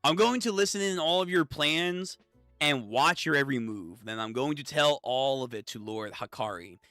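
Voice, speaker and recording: A man's voice: medium pitch, moderate pace, sharp tone, dry recording, studio quality, soft background music, close to an everyday voice. A man doing a smug invisible young male spy. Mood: boastful. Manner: boastful, smug taunting.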